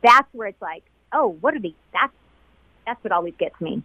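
A woman's voice: mid-range voice, animated, no room sound. Tearful woman recalling a painful day. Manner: tearful, halting, repeats herself. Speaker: flight attendant interviewee. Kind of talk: emotional personal recollection. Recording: dull lo-fi sound.

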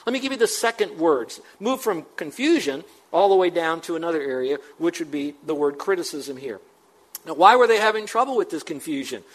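A middle-aged male pastor preaches in an easy, conversational tone, leaning into emphatic peaks. His voice sits slightly higher than most men's, and he slows right down when he quotes scripture. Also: poor audio. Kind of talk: sermon.

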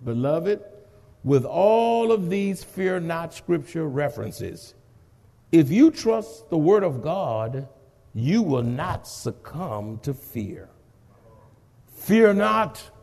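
High-voiced man preaching, slow, in a reverberant hall. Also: big pitch swings, dark tone. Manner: dramatic preaching with call-and-response. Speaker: pastor. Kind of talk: sermon.

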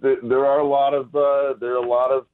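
A man's voice: mid-range voice, flat delivery, brisk, clear, resonant tone. A male guest on a phone interview, talking in a rambling, hesitant way with many restarts. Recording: tinny phone line.

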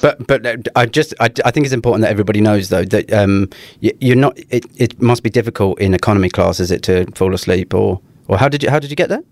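A man's voice: fairly low pitch, fast talker, darkish tone, dry recording. A man with a London accent hosting a casual podcast from a studio, dry and teasing toward his co-host. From England, London. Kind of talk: casual chat.

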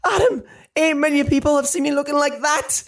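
A reader voicing a shocked mother in a children's story, shrieking in disbelief in a high, shrill voice. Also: a little fast, vocal fry. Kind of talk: reading a children's book aloud.

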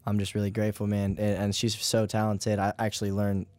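A man's voice: fairly low pitch, a little fast, no room sound. A young man, a musician guest in an interview, talking casually and rambling with lots of "like" and "you know". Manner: relaxed, rambling, heavy use of "like" and "you know".

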